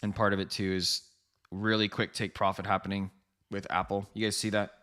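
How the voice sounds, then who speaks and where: Fast-talking male trading-stream host. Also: fairly low pitch, flat delivery, a bit bright. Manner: quick, rambling, self-correcting, addresses viewers directly. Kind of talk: live market commentary.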